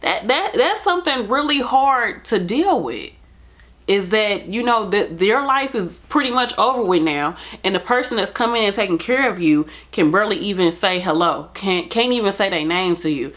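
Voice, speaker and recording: A nurse talking straight to camera, earnest and pleading in plain casual speech. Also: female voice, mid-range voice, animated, moderate pace, fairly bright tone. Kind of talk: heartfelt direct-to-camera talk.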